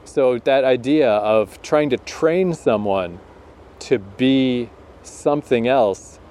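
A young Canadian man co-hosting a podcast in casual chat, animated and quick to laugh. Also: mid-range voice. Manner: animated, laughs often, slows down to make a point. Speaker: podcast co-host.

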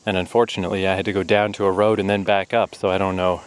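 A man's voice: low voice, little pitch movement, quick pace, clear, resonant tone, rough recording. A man narrating a vlog while hiking a hot forest trail, sweaty and short of breath, chatty and self-mocking with bursts of swearing. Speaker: vlogger.

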